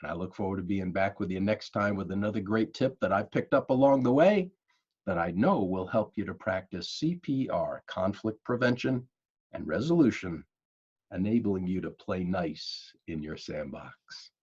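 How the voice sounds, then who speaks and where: A man giving a folksy, animated coaching talk on conflict, speaking straight to his listeners and calling them folks. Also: sits low, normal speed, husky, dull audio. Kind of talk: motivational coaching talk to camera.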